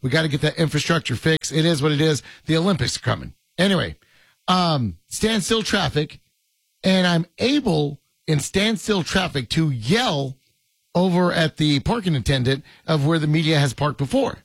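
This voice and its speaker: A man with a gravelly, slightly husky voice hosts a sports radio show, his pitch leaping around as he rambles and jokes. The sound is dry and close, with no room around it. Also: animated, moderate pace, dry recording. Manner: joking, rambling, laughs often. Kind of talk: casual sports radio chat.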